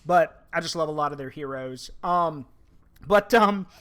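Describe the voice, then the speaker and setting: Animated high-voiced man chatting. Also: unhurried. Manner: animated, laughing while telling jokes. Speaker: streamer. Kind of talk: casual gaming chat.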